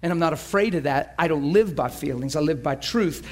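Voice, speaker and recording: A man's voice: a little high, fairly quick. Emotional preacher man, laughing often. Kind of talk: sermon.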